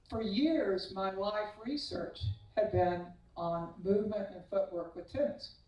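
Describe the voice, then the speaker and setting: Woman storytelling in an echoey hall. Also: mid-range voice. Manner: animated anecdotal storytelling, self-deprecating. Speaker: hall of fame inductee, tennis coach. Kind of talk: banquet acceptance speech, storytelling. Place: large banquet hall. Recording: echoey hall, voice far from the mic.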